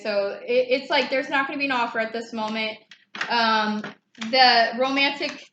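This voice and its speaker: A woman's voice: on the high side, lo-fi sound. Casual woman tarot reader, loose and profane; roomy echo, faint noise behind. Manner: chatty and loose, swears and laughs easily. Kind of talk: casual tarot reading vlog. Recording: echoey room, faint background noise.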